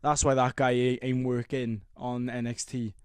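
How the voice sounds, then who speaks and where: A young man co-hosting a podcast, talking in an animated, sweary, bantering way. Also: mid-range voice, moderate pace, clear, resonant tone, no room sound, studio quality. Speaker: podcast co-host. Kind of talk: casual chat.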